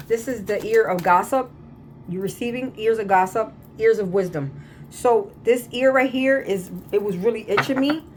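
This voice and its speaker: A woman's voice: medium pitch, a little hiss or hum. A woman giving a casual tarot reading to camera, talking in a repetitive, emphatic way with spiritual reassurance, her throat a little irritated. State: slightly irritated throat, coughing at times. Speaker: tarot reader.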